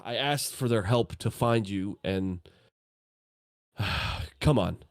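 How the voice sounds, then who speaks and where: A man's voice: on the low side, slow pace. A man voicing a panicky, flustered male elf who stammers in a raised voice. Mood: pleading. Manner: frantic, stammering.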